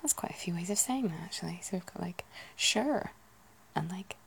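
A woman musing softly in a whispered ASMR chat, gently poking fun at herself. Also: fairly low pitch, fast, gravelly, a little hiss or hum, poor audio. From United Kingdom. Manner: soft, self-deprecating, musing aloud. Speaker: ASMR video host.

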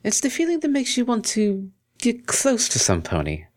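A man's voice: very high-pitched, wildly swooping pitch, moderate pace, pitched above the performer's own voice, full character voice. A man voicing a prim, refined young female pony cellist with proper, fussy diction, in a storybook reading. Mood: exasperated.

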